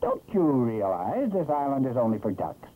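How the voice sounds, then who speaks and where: A man's voice: mid-range voice, wildly swooping pitch, moderate pace. A man voicing a proud, cross male duck in a 1960s cartoon, talking in a bossy, huffy way. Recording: muffled, hissy 1960s film soundtrack.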